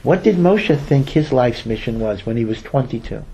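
A rabbi gives a Torah sermon, and the man tells it as a story. He repeats words for emphasis and briefly takes on the voices of the people he quotes. His pitch sits in an ordinary middle range for a man. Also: expressive, normal speed, dark tone, lo-fi sound, a little hiss or hum. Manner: acts out quoted speakers.

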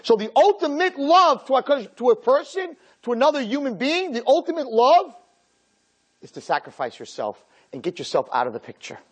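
A middle-aged male rabbi giving an animated sermon to girls. His husky voice sits fairly high and leaps around, and he acts out bits of dialogue as he goes. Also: brisk.

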